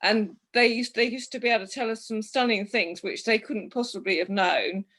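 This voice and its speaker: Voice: mid-range voice, normal speed, fairly bright tone. A person in a casual group chat, thoughtfully recounting personal experiences with hesitations. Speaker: group participant.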